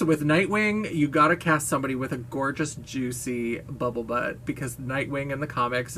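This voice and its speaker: Gushing man with a bright, brash voice. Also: medium pitch, slight background noise. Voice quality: brash, blaring voice. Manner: gushing, playful, self-mocking. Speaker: vlogger. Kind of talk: casual chatty monologue.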